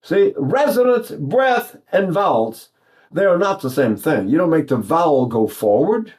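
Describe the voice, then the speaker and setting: An older male voice teacher talks through a singing lesson in a chatty, animated way. His voice sits high and swoops through a wide pitch range. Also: unhurried. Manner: animated, chatty, sings and buzzes examples, mimics Italian speech.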